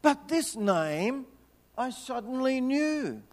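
An older preacher tells a story in his sermon, joking dryly as he goes. His voice sits high for a man and he takes his time. The sound rings with the long reverb of a church hall. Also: big pitch swings, slow. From Tasmania, Australia. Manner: chatty and humorous, with wry asides. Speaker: visiting preacher.

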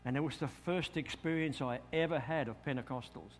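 A man's voice: a little high, brisk, slight background noise. Australian man preaching with storytelling flair. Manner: lively storytelling, acts out his own thoughts. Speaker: pastor. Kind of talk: sermon storytelling.

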